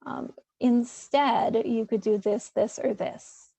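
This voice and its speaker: A woman's voice: on the high side, fairly even intonation, slow pace, creaky, mellow, breathy edge, no room sound, faint music behind. A woman therapist presenting a webinar in a loose, conversational way, with many fillers and restarts.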